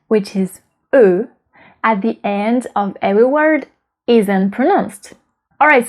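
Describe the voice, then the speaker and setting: A woman with a French accent teaching pronunciation in a casual video lesson, explaining patiently and often checking in with the viewer. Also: on the high side.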